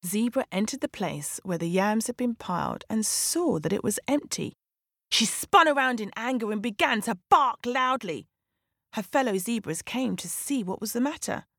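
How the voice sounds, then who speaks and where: Expressive woman storyteller, unhurried. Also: a little high, dry recording, clean studio sound. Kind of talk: children's story narration.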